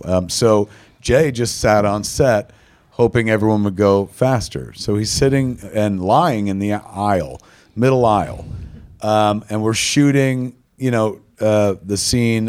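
Low-voiced man telling profane anecdotes. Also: darkish tone. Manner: heavy swearing, rambling anecdotes. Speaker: filmmaker host. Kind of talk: casual storytelling chat.

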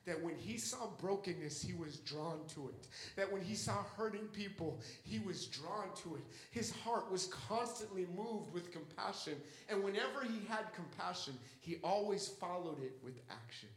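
A man's voice: high voice, animated, normal speed, few pauses, echoey room, low-quality recording. A young man preaching a sermon with an impassioned, repetitive cadence.

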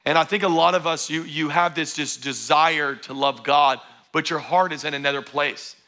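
A man's voice: a little high, moderate pace, pushed and bright. A man preaching a sermon at a church service, fervent and emphatic, urging his congregation again and again. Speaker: pastor.

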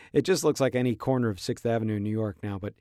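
A man's voice: fairly low pitch, quick pace, dark tone, dry recording, studio quality. A middle-aged man from Southern California, hosting a podcast and telling a rambling story in a casual, chatty way with restarts and laughs. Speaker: podcast host.

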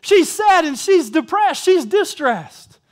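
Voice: extremely high pitch, sing-song, slow. A pastor preaching a sermon, repeating key phrases for emphasis and asking the congregation questions. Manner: asks the congregation questions, calls for amen.

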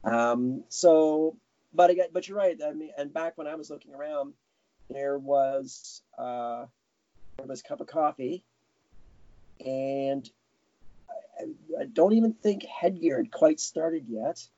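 A man's voice: fairly high pitch, slow, mellow, no room sound. A man being interviewed, chatting casually with lots of restarts. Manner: rambling, self-correcting, chuckling. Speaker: guest animator. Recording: dull lo-fi sound.

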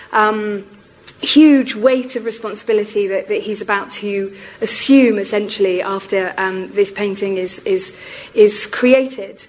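A woman giving a public lecture on history. Her voice is going hoarse, and she explains things in a measured way with frequent ums. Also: mid-range voice, a little mellow, low-quality recording. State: losing her voice.

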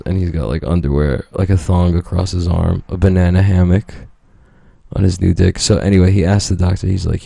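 Man, very low voice, heavy vocal fry, rambling and cursing, casual podcast talk. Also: fairly quick, dark tone, dry recording, studio quality. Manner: rambling, profane, jokey. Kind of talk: casual storytelling chat.

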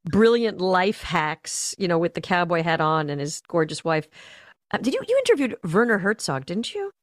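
Woman, 40s, casual rambling chat, lowish voice, dry sound. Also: sing-song, normal speed, no room sound. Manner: chatty, rambling asides.

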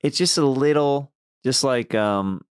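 A man hosting a casual podcast interview, easygoing and quick to laugh along as he asks his guest questions. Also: mid-range voice, clear, resonant tone, dry recording, clean studio sound.

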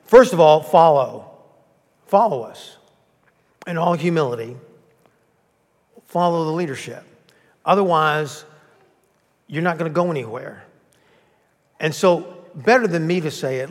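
A male pastor delivers an earnest sermon, stressing his points and restarting phrases as he goes. His voice sits a little high for a man. It rings out with a long reverb through the church sanctuary. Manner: earnest, emphatic preaching with restarts.

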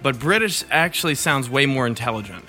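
Lively bright-voiced young man, joking crudely. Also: medium pitch, brisk, soft background music. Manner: laughs often, swears freely, crude joking. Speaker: podcast co-host. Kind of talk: casual chat.

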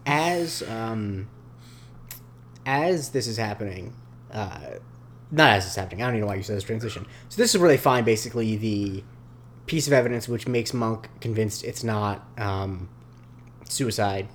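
A man's voice: lowish voice, expressive, a little hiss or hum. Rambling male podcast co-host. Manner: rambling, filler-heavy, slips into quick voice impressions. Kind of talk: casual podcast chat recapping a TV episode.

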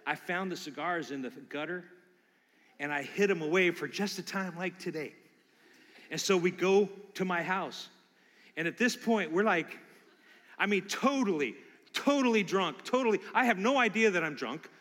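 A middle-aged pastor with a high voice preaches at a moderate pace, the recording carrying the long reverb of a large hall. His sermon is built on personal stories told animatedly, and he acts out the quotes in his anecdotes using character voices.

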